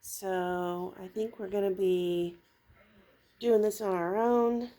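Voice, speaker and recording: A woman hosting a home vlog channel, chatting casually and softly coaxing her kittens indoors. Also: mid-range voice, steady tone. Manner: soft, coaxing, slow-paced talk.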